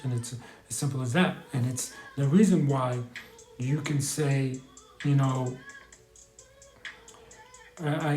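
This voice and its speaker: A man's voice: medium pitch, a little mellow, reverberant. A man talking casually on a live stream, rambling and hesitant, with many restarts and apologies as he answers a question. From New York.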